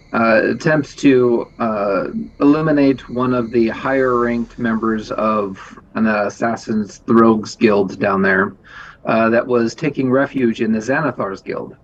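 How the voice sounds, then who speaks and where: A man's voice: mid-range voice, slight background noise. Offhand male player, lo-fi sound. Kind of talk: casual tabletop game talk. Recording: dull lo-fi recording.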